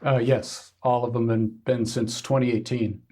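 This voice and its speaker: Man, from Kansas, podcast guest, halting, lots of fillers, middle pitch. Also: level tone, mellow. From Kansas, United States. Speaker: guest hiker. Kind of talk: casual interview.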